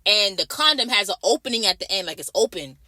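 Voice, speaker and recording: A woman's voice: medium pitch, sing-song, fast, bright, forceful tone, no echo. A young woman who works as a night-shift nurse, ranting in a vlog. She is blunt, swears heavily and keeps repeating herself. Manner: blunt, repetitive, heavy swearing.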